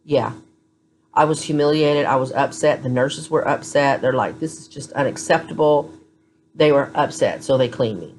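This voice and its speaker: Blunt, low-voiced woman in hospital. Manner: candid, blunt storytelling. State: tired. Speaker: vlogger. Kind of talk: casual chat to camera. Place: hospital room.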